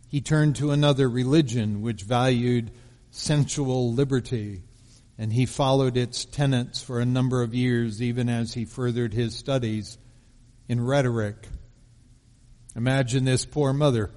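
Male pastor, mid pitch, measured storytelling sermon, long hall reverb. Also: a little mellow. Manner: measured storytelling delivery, slowing for emphasis.

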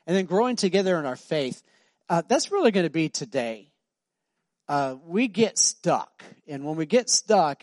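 Preaching in a church sanctuary, a middle-aged male pastor narrates stories conversationally and imitates the voices of the people involved. His voice is a little high, and the recording is dry.

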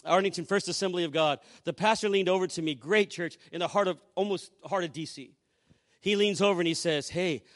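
A man with a high voice, preaching as a pastor. He tells a story to a congregation, dropping to hushed asides and then rising to loud exclamations. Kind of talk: sermon storytelling.

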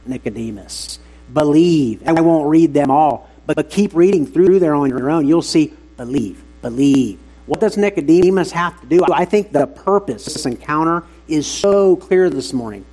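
Male preacher with a slightly raspy, higher voice, earnest and emphatic to his church. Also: lively intonation, normal speed, hardly any pauses, a little mellow, poor audio. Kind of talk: sermon.

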